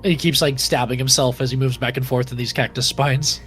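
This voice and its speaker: A man's voice: mid-range voice, fairly even intonation, brisk, fairly bright tone, faint music behind. A man running a tabletop game, narrating in a loose, casual way. He fills his speech with likes and uhs as he describes the action. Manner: casual, filler-heavy. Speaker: game master.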